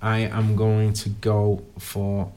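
A man's voice: fairly low pitch, slow pace, slight background noise. A man, a guest on a podcast, chatting casually and telling stories animatedly, acting out what people said and laughing often. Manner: animated storyteller, acts out quotes, laughs often.

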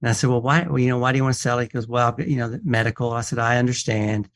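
A man telling stories on a radio talk show, quoting the people in them and often restarting his sentences. His pitch sits in the middle for a man. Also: rapid-fire. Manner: animated storyteller, quotes people in dialogue, frequent restarts. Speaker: watch expert and appraiser, guest. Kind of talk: casual radio show storytelling.

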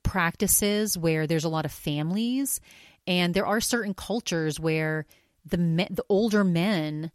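A woman hosting a podcast, talking casually in a rambling, animated way with frequent restarts and tangents. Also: fairly low pitch, unhurried, no room sound, clean studio sound. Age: older than college age. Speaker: podcast host.

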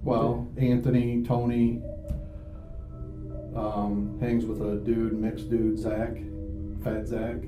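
A man's voice: mid-range voice, flat delivery, slow, long pauses, music in the background. A man working as a police detective, asking probing, repeated questions in a recorded interview. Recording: muffled echoey interview-room tape.

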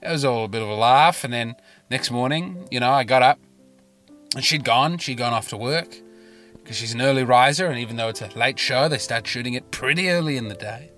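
An Australian man tells comic stories in a rambling, wry way, breaking into animated asides. His voice is bright and forward, at a middling pitch. He records from inside a parked car, with faint music underneath. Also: fairly quick. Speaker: comedian podcast host. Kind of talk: casual comic storytelling. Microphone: podcast mic in a car.

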